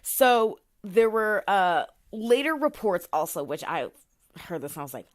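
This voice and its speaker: A woman, co-hosting a podcast in casual chat, animated and full of fillers, reading quotes from her notes. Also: medium pitch, unhurried. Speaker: podcast co-host.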